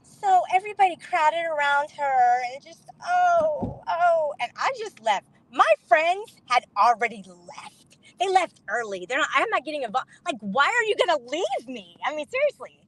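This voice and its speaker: A woman's voice: high voice, moderate pace, few pauses, rough recording. A middle-aged woman telling an indignant story to camera in a casual vlog, acting out the voices of the people in it. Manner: animated, indignant, acts out quoted voices.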